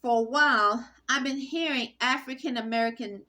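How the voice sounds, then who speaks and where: A woman talking straight to camera in a rambling, halting monologue full of fillers and restarts. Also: a little high, sharp tone. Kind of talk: casual spoken monologue.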